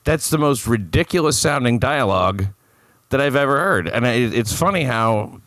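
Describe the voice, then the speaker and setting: A man's voice: mid-range voice, animated, normal speed, fairly bright tone, no room sound. A man guesting on a podcast, reading crime news aloud with dry, sardonic asides in casual banter.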